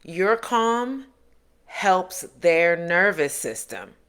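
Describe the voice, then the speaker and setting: A woman talking straight to the camera with a bright, forceful voice set a little low. She coaches in an earnest tone and repeats points in new words so they land. Her advice comes from being a parent of an autistic son. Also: big pitch swings, very slow, clear, resonant tone. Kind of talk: direct-to-camera advice talk.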